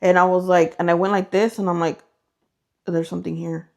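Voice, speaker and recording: A woman with a fairly low, brisk voice and some vocal fry co-hosts a podcast. She tells ghost stories in a casual, chatty way, animatedly acting out the voices and noises in them.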